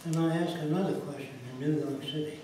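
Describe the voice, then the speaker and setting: Mellow-voiced man telling stories. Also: a little high, fairly even intonation, a little fast, slight background noise. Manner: plainspoken, punchy, acts out the people he quotes. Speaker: speaker answering a question. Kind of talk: anecdotal storytelling. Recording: echoey room, far from mic.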